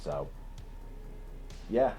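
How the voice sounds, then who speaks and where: A man's voice: very slow, mellow, faint music behind. A man talking to viewers in an unscripted casual vlog, rambling, self-deprecating, often laughing and swearing. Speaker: video creator.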